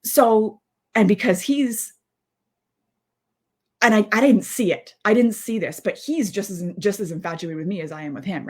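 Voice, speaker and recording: A woman in her thirties giving a candid live-stream monologue as a mindset coach, rambling and heartfelt, with many asides and restarts. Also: on the low side. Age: 30s. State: close to tears.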